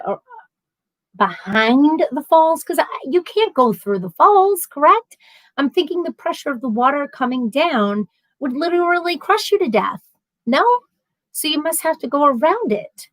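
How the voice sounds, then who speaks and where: A woman's voice: sits high, normal speed, no echo, poor audio. Chatty woman hosting a live stream. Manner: chatty, rambling, reads comments aloud and answers them; animated storytelling with laughter. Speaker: livestream host reading viewer comments. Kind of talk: casual live chat.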